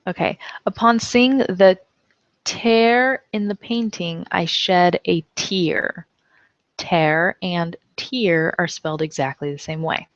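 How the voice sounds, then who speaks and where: This online English lesson features a woman reading example sentences and explaining them casually, her lowish voice measured and fairly even in intonation. The lo-fi recording sounds dull and dry, with no echo.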